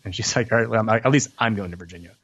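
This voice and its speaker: A man's voice: on the low side, very fast, breathy edge, muffled recording. A man, a former Marine tank officer, telling stories in a casual interview and acting out what others said. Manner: animated, quotes others in his stories.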